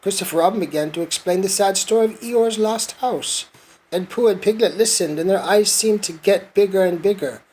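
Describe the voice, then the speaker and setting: Man, father reading bedtime story, gentle, breathy voice. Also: sits high, normal speed.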